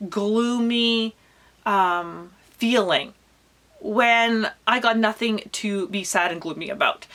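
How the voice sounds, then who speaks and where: A woman's voice: fairly high pitch, fairly bright tone. A woman around forty, talking candidly in a personal vlog with lots of casual fillers. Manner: chatty and candid, with many fillers such as "like" and "you know". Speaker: homesteading vlogger.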